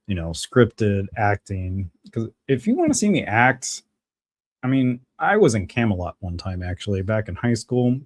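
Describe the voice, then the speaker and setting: Low-voiced guy rambling on his live stream, jokey and unscripted, dry close mic. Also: a little mellow, no echo. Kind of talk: casual live stream chat.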